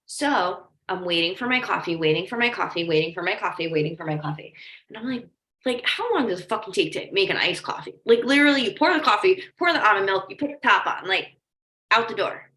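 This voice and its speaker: A woman's voice: medium pitch, expressive, brisk, pushed and bright. A woman coach giving a casual training talk, chatty and filling her sentences with "like". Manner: chatty, lots of "like", storytelling asides. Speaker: life coach leading a training. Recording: echoey room.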